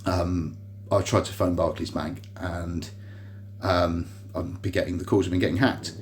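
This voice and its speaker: In a hospital room, a man with a deep voice rambles through a personal grievance to a phone on a tripod, full of fillers and restarts. His tone is fairly even and a little slow, and there's slight hiss or hum on the recording.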